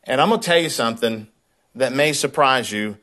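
With animated, conversational flair, a male pastor preaches through a personal story, repeating words once he's stirred up. He speaks briskly, at a medium pitch.

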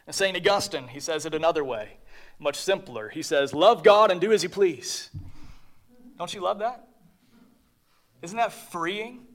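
Male pastor, sermon delivery, light high voice, earnest, repeats phrases, trails off softly. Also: normal speed. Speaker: preacher.

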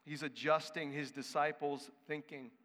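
A man's voice: on the high side, steady tone, normal speed, a bit bright. A male pastor preaching a sermon in an emphatic, conversational way. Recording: echoey hall.

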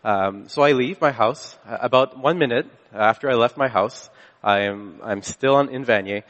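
Man, pastor, casual sermon, self-correcting restarts, mid pitch, long hall reverb. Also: normal speed, fairly bright tone, dull audio. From Canada. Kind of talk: conversational sermon with a personal story.

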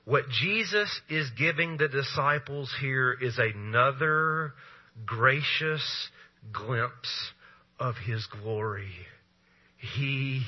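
A male pastor preaching a sermon, asking rhetorical questions and pausing for effect, with a husky voice. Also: mid-range voice, dull audio.

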